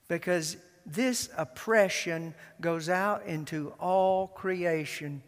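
A man preaching in a large church, his voice high for a man and his delivery slow. He dwells on single words with deliberate, emphatic repetition. The long reverb of the sanctuary trails after each phrase. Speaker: pastor. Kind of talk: sermon.

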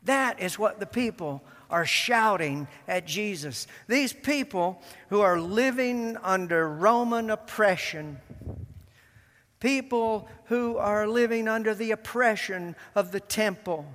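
A man preaching in a large church, his voice high for a man and his delivery slow. He dwells on single words with deliberate, emphatic repetition. The long reverb of the sanctuary trails after each phrase. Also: expressive, a bit bright. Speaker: pastor. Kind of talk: sermon.

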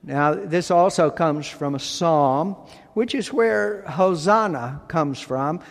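A man preaching a sermon as pastor, speaking deliberately and with emphasis, pausing between phrases. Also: a little high, gravelly, big-room sound.

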